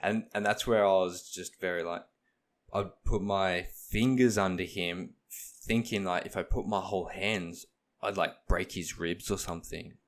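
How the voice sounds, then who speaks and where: A man's voice: low-pitched, fairly even intonation, measured pace, a little hiss or hum. A young man, co-hosting a casual podcast and retelling stories with acted-out quotes. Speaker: podcast co-host. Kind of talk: casual chat, storytelling.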